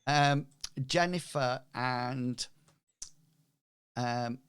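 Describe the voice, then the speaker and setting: A man running a tabletop game as game master, talking hesitantly with many pauses and fillers. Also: mid-range voice, a bit bright, smooth.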